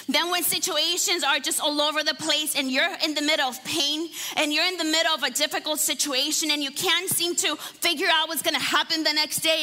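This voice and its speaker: A woman pastor with a high, bright voice moves from a prayer into a chatty, conversational sermon, often asking the congregation questions. She sounds like she is in a large hall with a long reverb, and soft music plays faintly behind her. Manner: warm conversational preaching with laughs and audience questions. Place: church hall.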